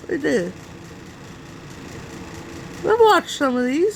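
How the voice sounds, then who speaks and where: Woman, reaction video host, casual rambling commentary, swears, gravelly, unhurried. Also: high-pitched, big pitch swings, slight background noise, low-quality recording. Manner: rambling, swears, talks to herself while browsing.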